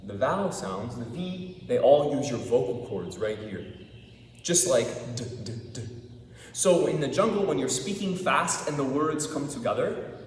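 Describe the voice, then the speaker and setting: A man teaching English pronunciation to a class, demonstrating sounds by slowly repeating words and often checking that his students follow. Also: mid-range voice, expressive, slight background noise. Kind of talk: classroom lesson. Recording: echoey hall from far off.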